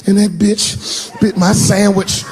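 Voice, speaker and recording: A man voicing a young boy who whines and complains in a high crying voice, recorded live on stage. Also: little pitch movement, slow, a little mellow, slight background noise. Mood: whiny. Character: young boy, whiny and blunt.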